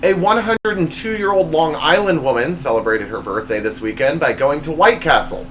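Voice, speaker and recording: Comedy host, male, lively pitch, bit high, noisy home recording. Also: normal speed, music in the background. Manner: jokey, reads punchlines with big pitch swings. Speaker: show host. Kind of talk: comedy monologue.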